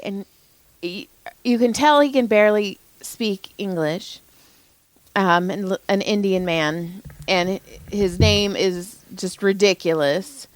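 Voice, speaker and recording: A young woman co-hosting a podcast, venting anecdotes in casual, profane chat. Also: mid-range voice. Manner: profane, animated storytelling. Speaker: podcast co-host, massage therapist.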